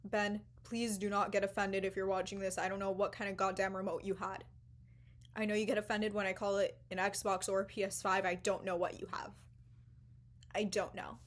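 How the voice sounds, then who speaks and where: A young woman vlogger casually telling a dramatic personal story, animated, swearing now and then and dropping into sudden whispers. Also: mid-range voice, moderate pace.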